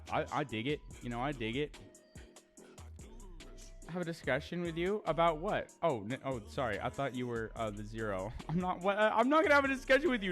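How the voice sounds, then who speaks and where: Brash stammering male streamer. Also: a little high. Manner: brash, profane, stammering restarts, reading chat aloud. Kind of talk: casual live-stream chat.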